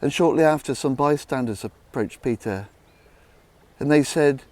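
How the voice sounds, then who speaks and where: A man narrating a Bible story in a dramatic retelling style, dropping to hushed tones. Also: moderate pace, dry recording. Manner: dramatic, hushed low passages.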